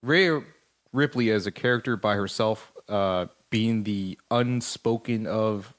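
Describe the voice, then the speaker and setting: A man's voice: lowish voice, takes it slowly. A man co-hosting a casual podcast chat, rambling and swearing with many restarts. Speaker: podcast co-host.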